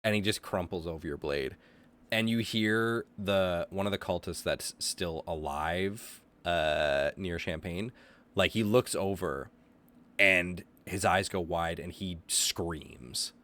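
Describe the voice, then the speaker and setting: A man narrating as game master of a tabletop role-playing game, telling the scene with animated delivery. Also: low voice, takes it slowly. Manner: animated narration, shouting lines of characters.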